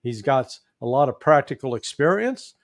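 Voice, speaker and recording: A man with a Midwestern accent giving political commentary as an interview guest, folksy and animated, chuckling often. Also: mid-range voice, normal speed, no echo, clean studio sound. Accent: Midwestern American. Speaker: guest, former intelligence analyst.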